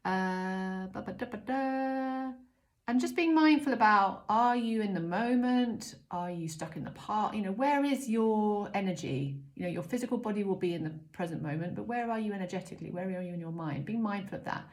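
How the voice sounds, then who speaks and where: A middle-aged woman giving a casual spiritual card reading, gentle and chatty with many pauses and ums. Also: medium pitch, lively intonation. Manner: gentle, chatty, frequent ums, self-mocking asides. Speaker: oracle card reader. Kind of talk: casual spiritual guidance talk.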